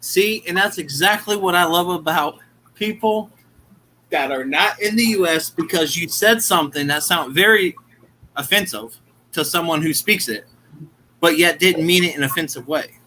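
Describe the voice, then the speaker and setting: A man's voice: fairly high pitch, normal speed, sharp tone, a little hiss or hum, rough recording. An American man chatting on a podcast in a jokey, colloquial way. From United States. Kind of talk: casual chat.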